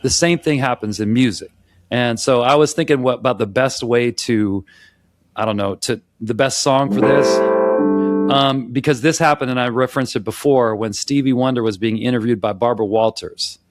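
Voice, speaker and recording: With a mid-range voice at a moderate pace, this man from the United States co-hosts a podcast about rhythm. He conversationally counts beats and sings rhythms aloud, restarting often, on a dry recording.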